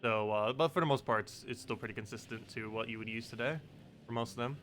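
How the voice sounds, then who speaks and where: A man's voice: medium pitch, fast, fairly bright tone, soft background music. A man casually chatting with his live-stream chat, laid-back and joking about how he says words. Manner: laid-back, chatty, answers chat, laughs at own pronunciation.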